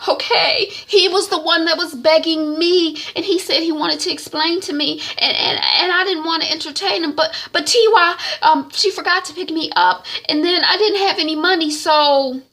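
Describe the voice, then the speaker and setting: A woman voicing an excitable young woman who plays the little sister. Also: medium pitch, normal speed, breathy edge. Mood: pleading. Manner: squealing, dramatic, pleading.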